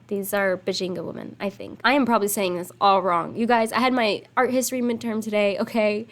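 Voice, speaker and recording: A young woman casually commenting on her life-sim game, chatty and rambling, swearing offhand and apologizing between asides, into a desk microphone at home. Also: mid-range voice. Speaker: gaming channel host. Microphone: desk USB microphone.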